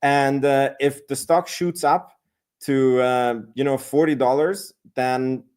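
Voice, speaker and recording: A man with a mid-range, steady voice that is darkish, clear and resonant talks slowly while hosting a live stream about selling options. He rambles, reads and answers viewer comments, and fills his speech with fillers and restarts.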